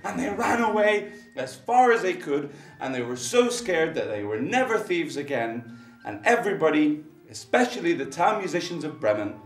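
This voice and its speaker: A man telling a children's story in an animated way, acting out sounds and voices. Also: fairly high pitch, normal speed. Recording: roomy, distant mic, faint music.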